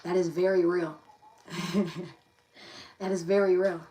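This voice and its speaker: A woman's voice: fairly low pitch, flat delivery, measured pace, warm tone, poor audio. A young woman, reading tarot casually to camera in a confiding, emphatic way that repeats itself. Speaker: tarot reader.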